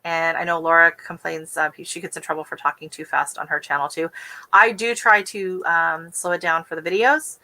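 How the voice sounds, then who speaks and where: A woman from the West Coast of the United States hosting a casual gardening livestream, talking quickly and chattily with easy giggles. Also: lowish voice, fairly even intonation, sharp tone, low-quality recording. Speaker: gardening channel host.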